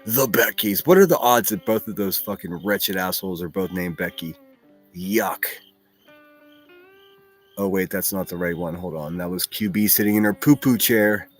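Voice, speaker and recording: Profane, chatty livestream host with a low voice. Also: male voice, normal speed, faint music behind. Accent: Pittsburgh. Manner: profane, chatty, reads chat names aloud. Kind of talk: casual livestream commentary.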